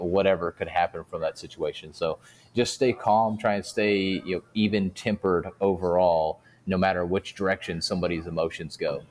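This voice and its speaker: Male guest, low voice, calm and explanatory, casual interview. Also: slight background noise. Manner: calm, explanatory, uses everyday examples. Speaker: guest speaker.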